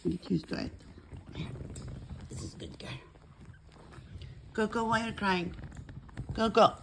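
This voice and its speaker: Cooing woman with a gravelly, mellow voice. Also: fairly high pitch, a little hiss or hum. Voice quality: non-native English phrasing. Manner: coos and baby-talks to puppies, switching to plain explaining. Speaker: puppy owner. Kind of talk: casual home video chat.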